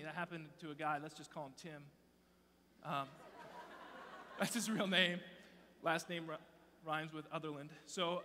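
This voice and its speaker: Bright, animated man preaching in a hall. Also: high voice. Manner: animated, joking, self-interrupting storyteller. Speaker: youth pastor. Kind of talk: youth sermon with storytelling. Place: large church auditorium stage. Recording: long hall reverb.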